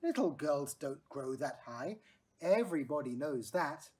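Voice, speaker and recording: A woman voicing a prim neighbour lady who scolds her husband's silly idea, in a slow, slightly breathy voice. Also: low voice, lively intonation, darkish tone, exaggerated voice. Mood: scolding.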